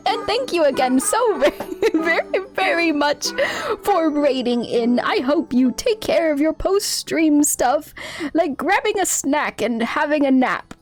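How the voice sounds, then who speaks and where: A woman streamer chatting casually with her viewers during a game, giggling constantly and reacting playfully. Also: high-pitched. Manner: giggly, laughs constantly between lines.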